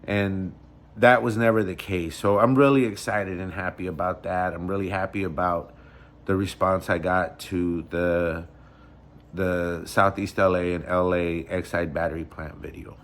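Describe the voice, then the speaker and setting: A man from Michoacán, Mexico, vlogging and telling a story in a casual, animated and conversational way, often correcting himself as he goes. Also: sits low, unhurried.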